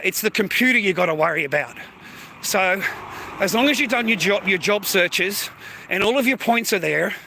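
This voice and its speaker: A man's voice: sits high, bright, forceful tone, a little hiss or hum. Sweary Australian man streaming outdoors. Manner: blunt, sweary, keeps adding mate and bro. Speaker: livestreamer. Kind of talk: casual live stream monologue. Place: outdoors near neighbourhood shops.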